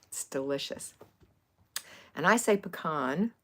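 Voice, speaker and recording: A middle-aged woman from Florida hosts a homemaking livestream in a relaxed, rambling way. Her voice sits a little low for a woman. She chats casually and turns to answer viewers' comments. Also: moderate pace. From Florida, USA.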